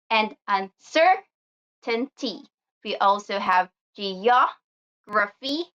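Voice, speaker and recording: A woman with a smooth, resonant voice, pitched a little high, gives an English lesson. She talks slowly and carefully and pauses on her fillers. The audio sounds a bit dull and lo-fi. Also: a bit bright. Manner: slow and deliberate, with fillers. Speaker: English teacher. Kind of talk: slow explanatory lesson.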